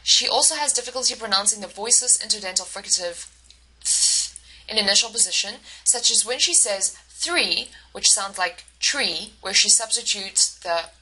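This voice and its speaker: A woman's voice: mid-range voice, a little fast, sharp tone, husky, low-quality recording. A woman instructor giving a recorded lecture, explaining step by step with fillers and restarts. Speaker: university instructor.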